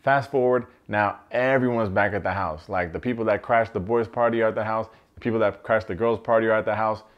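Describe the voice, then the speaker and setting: A man recapping a reality show in a comedic commentary style, animated and slangy with joking asides. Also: lowish voice, a little fast, muffled recording.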